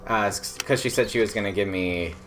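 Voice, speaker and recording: A man's voice: lowish voice, fairly quick, fairly bright tone, soft background music. A young man casually telling a personal story, rambling with lots of fillers and laughing as he goes. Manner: rambling, filler-heavy, laughs through the tale.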